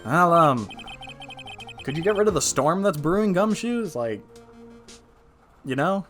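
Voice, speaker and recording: A man's voice: fairly high pitch, very animated, measured pace, a bit bright, faint music behind. A man voicing a nervous young male defense lawyer who mutters anxious, wry asides. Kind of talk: fan voice-over of a game.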